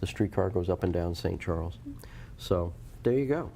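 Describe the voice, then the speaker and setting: Deep-voiced chatty male news anchor. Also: lively intonation, normal speed, vocal fry, dark tone, slight background noise. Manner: rambling, chatty, many restarts. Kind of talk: casual on-air banter. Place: TV studio.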